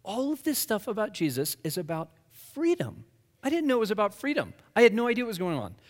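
A man tells a personal faith testimony with a lively voice that swings high and low, acting out his own words as he goes. He sits a little high in pitch, and his voice carries a long hall reverb. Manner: animated storytelling, acts out his own past lines. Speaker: guest speaker.

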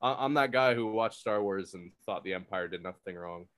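A man's voice: sits low, a little fast, fairly bright tone, no room sound. A young man co-hosting a podcast in casual chat, blunt and opinionated, swearing freely. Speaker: podcast co-host.

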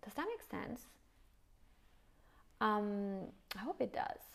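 A woman's voice: medium pitch, very animated, slow, gravelly, a bit bright. A middle-aged French woman with a French accent, hosting a casual solo podcast, frank and swearing casually, slipping in French phrases. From France. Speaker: podcast host.

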